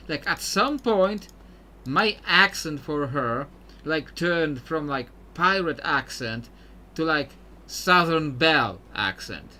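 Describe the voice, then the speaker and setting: A man comments loosely on his game as he plays, thinking out loud between clicks. His voice is bright and clear. Faint typing can be heard behind him. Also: fairly high pitch, lively intonation, takes it slowly, a little hiss or hum. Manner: thinking aloud while clicking through a game. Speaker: streamer. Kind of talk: casual let's-play commentary.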